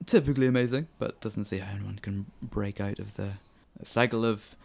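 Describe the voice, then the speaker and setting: Gravelly low-voiced man reviewing a film. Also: fairly even intonation, a little fast, darkish tone. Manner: chatty and hesitant, with many ums and restarts. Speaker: film reviewer on a local podcast.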